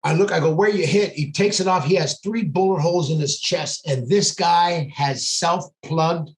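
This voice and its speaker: Moderately paced and a little high, the voice belongs to a police sergeant telling a casual podcast story. He's intense and reenacts people's words as he goes, all in an echoey room.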